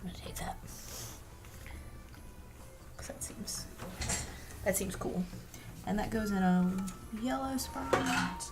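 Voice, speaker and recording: A woman chatting quietly and cheerfully during a board game, explaining the rules to the others. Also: mid-range voice, slow pace, long pauses, whispered. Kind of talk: casual chat while playing a board game. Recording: loud background music.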